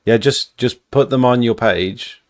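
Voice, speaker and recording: A man's voice: mid-range voice, unhurried, dry recording, studio quality. A man hosting a casual late-night live stream chat, blunt and matter-of-fact, sounding tired. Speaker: channel host.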